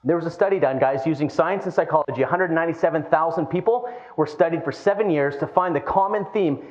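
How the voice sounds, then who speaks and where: A man on stage giving a keynote, telling a personal story with lively, swinging delivery and talking straight to the crowd. His voice sits a bit high for a man. The recording sounds dull and lo-fi. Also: fast talker. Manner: animated storytelling, addresses the crowd as guys. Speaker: keynote speaker. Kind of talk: live keynote speech.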